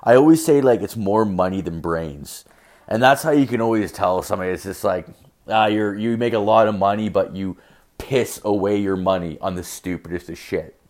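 Young male podcast host from Canada, low-ish voice, foul-mouthed, loose storyteller. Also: normal speed, darkish tone. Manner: profane, rowdy, acts out both sides of dialogue. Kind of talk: casual storytelling monologue.

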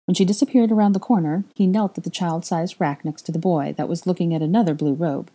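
A woman narrating a fan fiction story in a steady, plain reading voice. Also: on the low side, fast. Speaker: reader.

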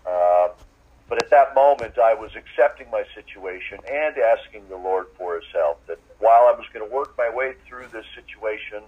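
Halting man telling a faith story. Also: fairly low pitch, slightly rough, phone-quality sound. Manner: halting, full of fillers and restarts. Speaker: interviewee. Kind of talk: personal faith testimony.

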